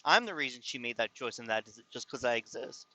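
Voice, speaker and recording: A man's voice: medium pitch, animated, fairly quick, pushed and bright, low-quality recording. A man telling a personal story to his viewers in a casual, rambling way, often exasperated and restarting his sentences. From California. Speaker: vlogger.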